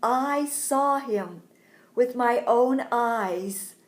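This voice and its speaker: Lady doing a distraught woman begging for answers, higher and louder, echoey room. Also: measured pace, lightly acted. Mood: joyful. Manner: pleading, raised and urgent. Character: grieving then joyful woman disciple. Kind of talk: Bible story read aloud to children.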